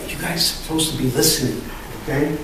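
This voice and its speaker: A man coaching an improv acting class, animated and punchy, often cursing and punctuating points with "boom". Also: fast talker, noisy background. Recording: echoey room from far off, faint ambience.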